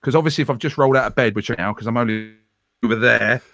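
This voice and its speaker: A radio presenter in his forties chatting as a guest, telling self-deprecating stories with quick, lively asides. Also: mid-range voice, dry recording. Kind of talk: casual storytelling chat. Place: home room.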